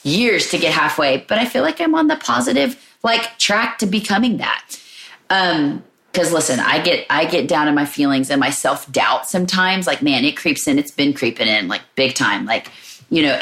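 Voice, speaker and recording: A woman talks alone on her own podcast in a low, expressive voice with a fairly bright tone, at a normal speed. Her reflective talk is candid and searching, sprinkled with "like" and "you know."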